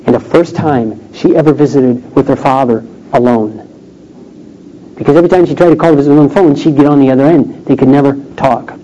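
A middle-aged man telling a personal story in a sermon, acting out the people he quotes. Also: mid-range voice. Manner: animated storytelling, acts out quoted voices. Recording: dull lo-fi recording with faint noise.

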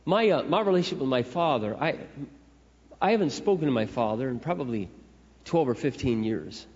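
A man's voice: mid-range voice, expressive, brisk, darkish tone. A middle-aged man preaching a sermon in a conversational, storytelling way. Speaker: pastor. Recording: echoey hall, dull lo-fi sound.

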